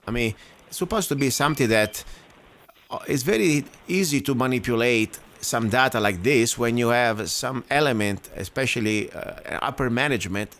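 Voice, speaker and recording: A man's voice: mid-range voice, a bit bright. A man hosting a radio interview, talking conversationally and giving his opinions. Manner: conversational, frequent backchannel, opinionated. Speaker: radio host.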